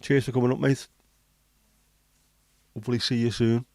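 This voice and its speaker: A man's voice: mid-range voice, little pitch movement, moderate pace, mellow. A man, hosting a casual livestream and chatting with viewers in a joking way. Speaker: livestream host.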